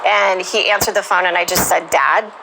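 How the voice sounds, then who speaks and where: A woman with a low, fry-edged voice tells her own story in an interview. She is reflective and emotional, leaning on "you know" as she goes. There is noise in the background. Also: fairly even intonation, normal speed. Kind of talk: personal life story told in an interview.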